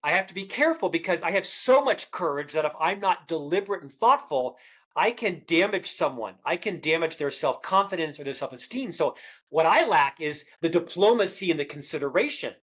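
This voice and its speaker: A man's voice: a little high, fairly quick, husky. A middle-aged man with a lifelong stutter, a guest author in a conversational podcast interview, telling stories and acting out both sides of conversations. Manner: stutterer, animated storyteller acting out dialogue.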